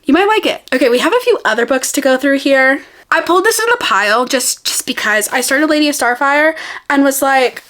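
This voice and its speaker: Talking books on her vlog, a young book vlogger speaks fairly quickly in a high, animated, slightly bright voice. Her casual review is bubbly and rambling, full of laughter and self-teasing.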